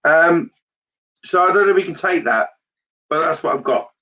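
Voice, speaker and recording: A man's voice: on the high side, lively intonation, sharp tone, recorded from a distance. Guy medium doing live readings, stops and repeats himself, gets emotional, muffled lo-fi stream sound. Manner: halting, repeats his phrases, turns emotional. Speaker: psychic medium.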